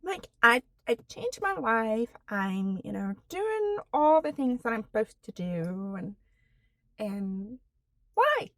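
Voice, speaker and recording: A woman in her forties telling her own story on a personal vlog, slow and halting, with many fillers, earnest and candid. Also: fairly high pitch, very animated, a bit bright, no room sound. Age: 40s. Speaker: vlogger.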